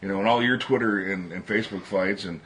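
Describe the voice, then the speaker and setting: A man on a podcast who weighs his words, slow to get going and full of fillers. His voice sits fairly low for a man. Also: a bit bright. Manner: measured, hesitant, many fillers. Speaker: podcast co-host. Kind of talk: casual political chat.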